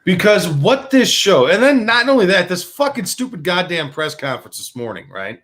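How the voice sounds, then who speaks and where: A man's voice: high-pitched, very animated, moderate pace, a bit bright. A man hosting a sports talk show, ranting with profanity and many restarts. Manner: fired-up, profane, repetitive restarts. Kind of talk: heated sports radio rant.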